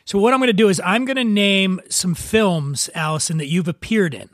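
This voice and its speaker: A man's voice: high-pitched, moderate pace, a bit bright, no room sound, clean studio sound. A man hosting a podcast, bantering and joking in a rambling, casual way. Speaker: podcast host.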